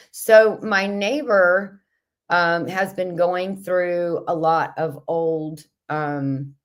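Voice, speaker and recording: A woman hosting a casual livestream chat from home, reading out viewer comments and gushing over vintage jars. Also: low-pitched. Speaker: livestream host.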